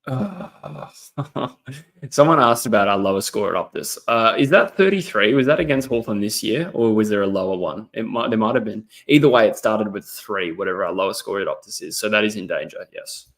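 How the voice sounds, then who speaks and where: A man's voice: fairly low pitch, lively intonation, fairly quick, a bit bright. A young Australian man hosting a casual live stream, commentating on a match and chatting with viewers, rambling with lots of ums. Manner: rambling, many ums, reads chat messages aloud. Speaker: footy livestream host. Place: indoors at a laptop.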